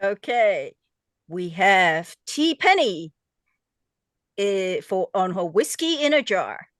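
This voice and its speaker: A woman's voice: medium pitch, big pitch swings, takes it slowly, a bit bright, no echo, clean studio sound. A woman DJ hosting an online music show, announcing contest finalists in an upbeat way. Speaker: radio DJ host. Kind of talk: casual on-air chat.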